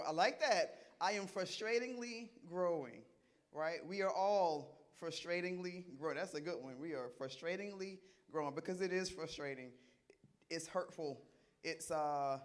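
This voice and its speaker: A middle-aged man delivers an interactive sermon in a fairly high voice. He keeps it conversational and playful, quizzing the listeners and echoing their replies back to them. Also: moderate pace. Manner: conversational, asks the audience questions and repeats their answers; animated and playful, laughs often. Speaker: Bible study teacher.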